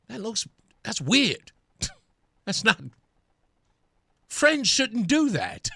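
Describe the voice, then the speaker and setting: A man's voice: high voice, a little slow, pauses often, breathy edge, dry recording, clean studio sound. A man hosting a talk radio show, delivering an opinionated, mocking monologue with frequent laughter. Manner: mocking, animated, laughs often.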